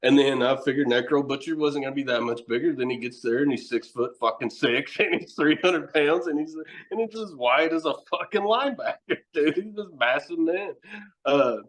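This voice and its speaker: A man's voice: a little high, moderate pace. A middle-aged man, a wrestler and horror host, telling rambling stories as a podcast guest, cursing and laughing often. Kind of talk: casual storytelling chat.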